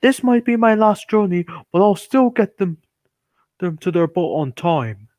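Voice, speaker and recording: A man's voice: high voice, expressive, unhurried, a little mellow, no echo, studio quality, voice pushed up. A man doing a proud determined cartoon engine.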